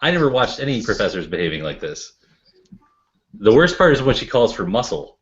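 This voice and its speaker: A Canadian man hosting a round-table chat over a video call, laid-back and quick to laugh. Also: lowish voice, big pitch swings, a crowd in the background. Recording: dull lo-fi call audio.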